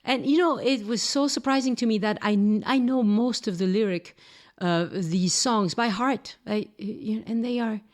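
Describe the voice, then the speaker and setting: A woman's voice: on the high side, moderate pace. Woman hosting a chatty podcast. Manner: chatty, laughs easily, stumbles over names. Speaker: podcast host. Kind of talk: casual travel podcast chat.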